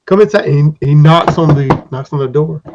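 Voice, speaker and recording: A man's voice: a little high, little pitch movement, normal speed, noisy background. A man acting as game master, narrating a tabletop game in a rambling, descriptive way on a dull lo-fi recording.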